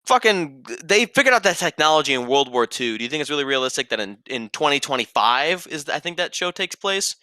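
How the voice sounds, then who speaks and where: Bright, lively young man joking. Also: a little high, brisk, hardly any pauses, no echo. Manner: animated, joking, swears freely. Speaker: podcast co-host. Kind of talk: casual chat reviewing a film trailer.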